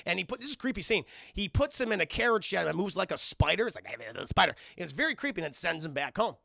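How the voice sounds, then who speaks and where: A man streaming a casual, profane scene-by-scene film recap, animated and laughing often. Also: high voice, racing, creaky, no echo, studio quality.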